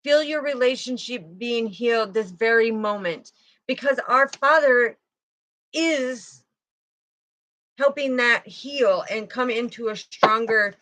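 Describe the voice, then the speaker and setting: A woman's voice: fairly high pitch, takes it slowly, a bit bright, no room sound. A woman giving a casual spiritual tarot card reading, chatty and talking straight to her viewers. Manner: chatty, with frequent "you know" and "okay". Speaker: intuitive tarot reader.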